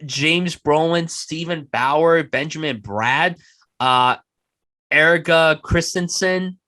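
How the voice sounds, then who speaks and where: A man's voice: fairly high pitch, takes it slowly, sharp tone, no room sound. Enthusiastic man gushing about films. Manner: enthusiastic, profane, puts on mock voices. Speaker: podcast host. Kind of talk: casual film chat.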